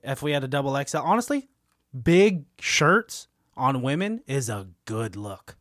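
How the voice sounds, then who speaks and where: Lively, teasing male podcast host. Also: medium pitch, measured pace, no room sound, studio quality. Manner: teasing, rambling, animated. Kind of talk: casual chat.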